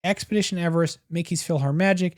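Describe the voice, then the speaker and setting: A man's voice: high voice, steady tone, fast talker, darkish tone, no echo. A man co-hosting a podcast, reading scripted history between bursts of playful banter on a close mic. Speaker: podcast co-host. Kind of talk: casual podcast chat with read narration.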